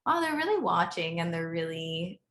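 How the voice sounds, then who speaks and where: Woman coach in her 30s, bright forceful voice, roomy echo on a video call, chatty with lots of "like". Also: lowish voice, sing-song, normal speed. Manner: chatty, filler-heavy, laughs often. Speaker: interview guest, business coach. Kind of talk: casual interview chat.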